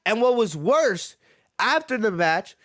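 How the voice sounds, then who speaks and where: A male podcast host rants through a heated, profane wrestling review, repeating his points. His high, sing-song voice moves slowly and sounds a bit bright, with clean studio sound and no echo.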